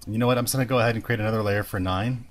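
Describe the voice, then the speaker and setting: A man with a fairly low voice walks through a drawing tutorial, narrating every step as he goes. His tone is relaxed and explanatory, as if he is thinking out loud. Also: rapid-fire. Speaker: animation instructor. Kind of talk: screen-recorded software tutorial.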